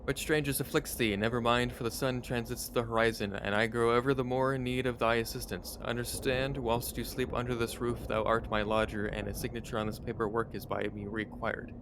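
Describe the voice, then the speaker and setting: A man voicing a stiff, formal gentleman who speaks in stilted old-fashioned English. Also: medium pitch, flat delivery, fairly quick, hardly any pauses, background noise, natural voice. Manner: archaic, stilted formal speech.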